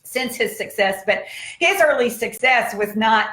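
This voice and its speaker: Woman, motivational speaker, emphatic and repetitive, slightly high voice, echoey room. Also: lively intonation, measured pace, sharp tone. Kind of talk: motivational talk. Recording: roomy echo.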